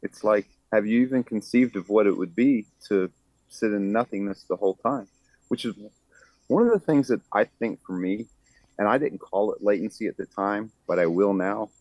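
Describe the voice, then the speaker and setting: Low-voiced man musing philosophically. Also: normal speed, darkish tone, no room sound, poor audio. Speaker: podcast co-host. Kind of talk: casual conversation.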